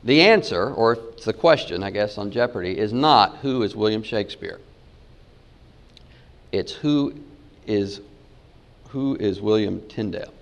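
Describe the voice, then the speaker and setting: A man giving a Bible lesson, reading verses in several versions slowly and softly, then building to emphatic points. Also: lowish voice, expressive. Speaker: Bible teacher. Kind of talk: spoken lecture with scripture readings.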